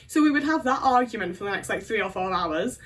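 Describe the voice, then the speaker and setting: A woman's voice: medium pitch, expressive, quick pace, fairly bright tone, far from the mic. A woman telling a candid personal story, blunt and sweary. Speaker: video creator.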